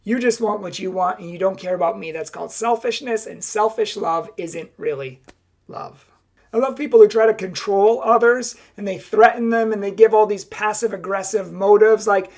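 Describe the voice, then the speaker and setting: A woman's voice: mid-range voice, fairly quick, a little mellow. Emphatic young woman giving advice. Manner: emphatic, acts out both sides of dialogues. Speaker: Catholic speaker. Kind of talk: direct-to-camera advice talk.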